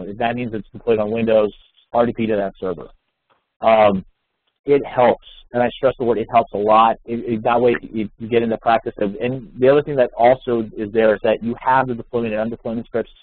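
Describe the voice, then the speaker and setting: A man presenting a live software demo webinar, walking through steps conversationally with many fillers and restarts. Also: fairly low pitch, dry recording. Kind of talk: live product demo walkthrough. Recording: tinny phone-line webinar audio.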